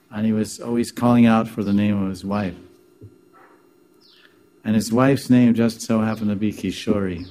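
A man telling a devotional story in a relaxed, rambling way as a spiritual teacher, sprinkling in Hindi devotional terms. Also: on the low side.

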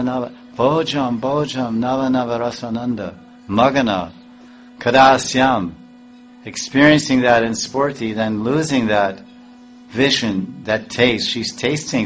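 A man teaching a devotional scripture class, halting and repeating words, chuckling often and reciting verses with rising emphasis. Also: on the low side, rough recording. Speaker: spiritual teacher.

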